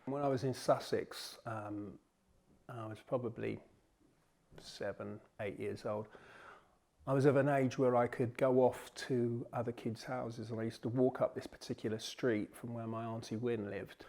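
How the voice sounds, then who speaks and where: A man's voice: mid-range voice, steady tone, unhurried, gravelly, a little mellow. A man in his sixties from Surrey, England, telling stories from his childhood in an interview, in a reflective way. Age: 60s. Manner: reflective, storytelling.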